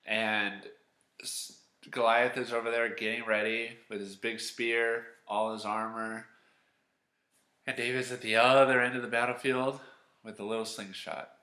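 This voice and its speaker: A man teaching children, telling a Bible story in a chatty, animated way, acting out the characters and asking the kids questions. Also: on the low side, unhurried, reverberant.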